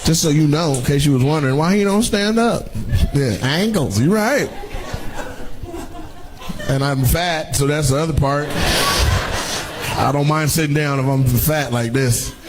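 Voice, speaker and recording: Loud profane stand-up comic roasting the crowd. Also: male voice, on the high side, unhurried, long pauses. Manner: loud, profane, teasing banter with the audience. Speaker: stand-up comedian. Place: live comedy venue with an audience.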